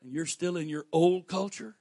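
Southern guy preaching, goes from soft asides to shouting, dry close mic. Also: high voice, moderate pace, vocal fry, dry recording. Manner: preaching, swinging from quiet asides to shouted emphasis. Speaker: pastor. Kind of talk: sermon.

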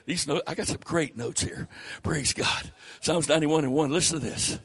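An older man with a Southern accent preaching a sermon, rising loud and high on key phrases. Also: normal speed, breathy edge. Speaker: pastor.

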